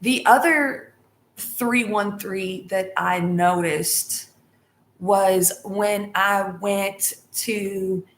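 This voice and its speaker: A woman's voice: mid-range voice, steady tone, drawn-out words. A middle-aged woman telling a rambling story to her viewers, full of fillers and restarts. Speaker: tarot vlogger. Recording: echoey room with faint hiss.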